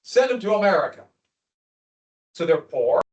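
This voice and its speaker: A man teaching a history lecture to a class, animated and quizzing students as he goes. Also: sits high, moderate pace, highs cut off. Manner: animated, asks the class questions. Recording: echoey classroom from far off.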